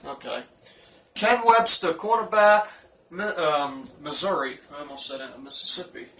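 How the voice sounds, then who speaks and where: A man doing a comic locker-room roll call as team manager, rambling, profane and mock-gruff. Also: a little high, moderate pace, reverberant, distant mic, noisy background. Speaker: team manager giving a speech.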